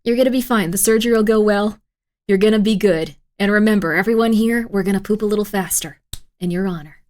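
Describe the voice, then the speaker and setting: A woman's voice: mid-range voice, quick pace, a little mellow. A woman streamer chatting casually with her live chat, giggly, rambling and full of apologies. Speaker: streamer reacting to videos.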